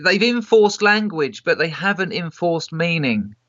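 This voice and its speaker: A man's voice: on the high side, sing-song, a little slow, fairly bright tone, dry recording, dull audio. A man speaking as a guest in a casual conversation, questioning and probing ideas. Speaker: guest, novelist.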